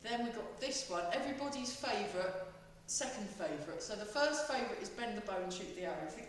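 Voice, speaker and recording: A woman's voice: mid-range voice, expressive, fast, few pauses, slight background noise. A woman leading a tai chi class, joking playfully while calling out the breaths. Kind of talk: teaching a class, guiding breathing. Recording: echoey room, voice far from mic.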